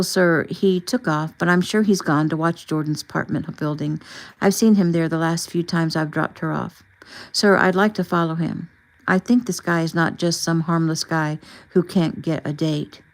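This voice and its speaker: A woman narrator voicing a calm, protective male federal agent who speaks steadily and reassuringly. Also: a little high, normal speed, close to an everyday voice. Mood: briefing.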